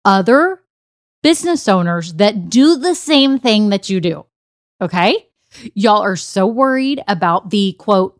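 A woman's voice: medium pitch, dry recording. A young woman with a lilt talks through her business podcast, bubbly and emphatic. Her voice sits in a middling register, and the recording is dry and close with no room sound. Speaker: podcast host. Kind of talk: upbeat business podcast monologue.

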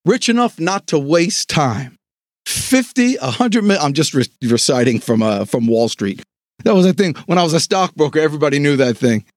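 High-pitched, hyped-up sales motivator. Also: male voice, sing-song, no room sound, studio quality. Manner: hyped, pep-talk delivery with dramatic pauses. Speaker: sales podcast host. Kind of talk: energetic motivational podcast monologue. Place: home studio.

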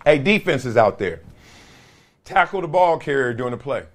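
A man's voice: medium pitch, expressive, normal speed, a little hiss or hum. A young adult man hosting a podcast in casual, slangy sports talk, laughing between jokes. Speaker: podcast host.

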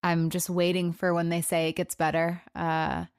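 A woman in her thirties hosts a solo podcast, her voice pitched fairly low and recorded close and dry on a studio microphone. She speaks haltingly and softly, sounding emotionally raw and subdued. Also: monotone, clear, resonant tone, dry recording. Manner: halting, soft-spoken, with frequent pauses and trailing phrases. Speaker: podcast host. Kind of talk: casual solo podcast talk.

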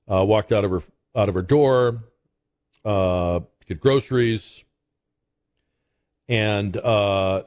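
A man with a fairly low voice hosts a talk radio show from a studio microphone. He talks through the day's stories in a loose, conversational way, often stopping to restart his sentences. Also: darkish tone. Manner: conversational, halting with fillers and restarts.

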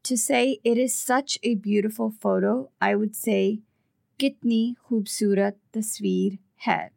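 Slow-speaking woman teaching a lesson. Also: mid-range voice, steady tone, vocal fry, darkish tone, no room sound, clean studio sound. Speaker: language teacher. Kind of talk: language lesson dialogue explanation.

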